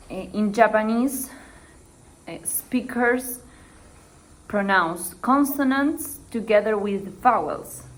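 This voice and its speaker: A woman's voice: medium pitch, rough recording. A young woman student giving a class presentation for an assignment, hesitant and dotted with "eh" fillers.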